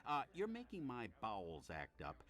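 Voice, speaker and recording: An actor voicing a grumpy, weary retired superhero sidekick in a video game. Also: male voice, mid-range voice, wildly swooping pitch, moderate pace, a bit bright. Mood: gruff. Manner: gruff, weary.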